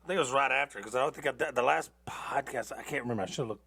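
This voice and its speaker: A man's voice: mid-range voice, lively intonation, fast, vocal fry, hardly any pauses, fairly bright tone, breathy edge. A tired man hosting a podcast, ranting in a loose, rambling monologue full of profanity and restarts. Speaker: podcast host.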